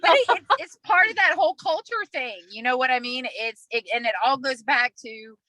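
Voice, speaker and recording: Bright, animated woman telling a story. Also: high-pitched, normal speed, no echo, rough recording. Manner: animated, profane, acts out voices while telling a story. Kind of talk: casual storytelling chat.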